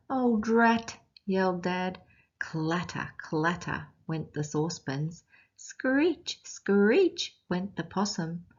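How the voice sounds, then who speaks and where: Slow Australian woman reading to children. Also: fairly low pitch, muffled recording. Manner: slow, expressive, questioning children. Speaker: teacher. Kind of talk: children's picture-book read-aloud lesson.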